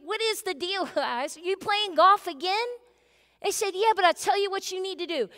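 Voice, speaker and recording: A middle-aged woman pastor tells a funny family story from the pulpit, her voice very high and bright. She chats animatedly and slips into the voices of her husband and son. Her words ring out with a long reverb through the church hall. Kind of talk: sermon storytelling. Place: church sanctuary.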